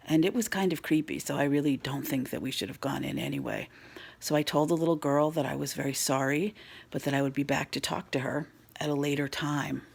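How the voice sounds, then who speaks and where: A woman telling a spooky ghost story in a hushed voice that often drops to a whisper. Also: sits low, creaky.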